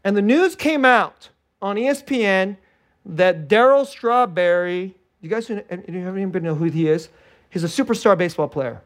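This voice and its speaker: Animated high-voiced male pastor preaching. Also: moderate pace. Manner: animated, acts out scared and joyful voices, laughs often. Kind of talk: sermon.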